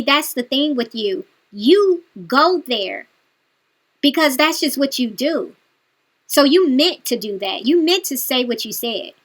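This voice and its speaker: A woman with a high voice delivers reaction commentary, lecturing and mocking the person she addresses. Her tone stays cutting and sarcastic throughout. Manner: scolding, sarcastic, talks straight to the subject.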